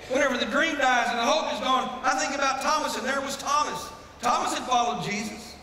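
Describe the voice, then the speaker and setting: A male pastor delivers a sermon with a bright, high-pitched voice that swells into fervent, repeated refrains. He is picked up from some distance, so his words ring through the long reverb of a church hall. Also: a little fast, a little hiss or hum. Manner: preaching with rising fervor and repeated refrains. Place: church sanctuary. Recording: echoey hall, mic from a distance.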